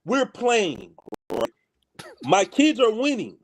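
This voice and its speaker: Animated Houston storyteller, high voice. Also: male voice, takes it slowly. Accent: Houston, Texas. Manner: animated, laughs while telling stories, slangy. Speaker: podcast co-host. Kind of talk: casual storytelling among friends.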